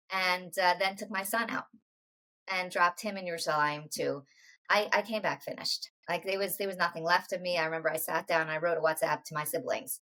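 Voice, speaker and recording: A woman in her forties, a podcast guest, telling a personal story in a halting way, full of restarts and quoted dialogue. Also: fairly low pitch, pushed and bright, poor audio. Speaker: interview guest.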